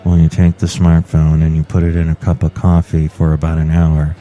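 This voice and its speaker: A man voicing a deadpan, gruff male engineer in a deep, low voice, with faint music behind. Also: a little fast.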